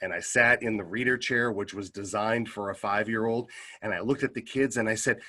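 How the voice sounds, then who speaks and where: A middle-aged man, a service club member, giving a speech that tells a lively anecdote, with many fillers as he talks. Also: lowish voice, normal speed. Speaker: Kiwanis club member giving a convention message. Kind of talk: storytelling speech.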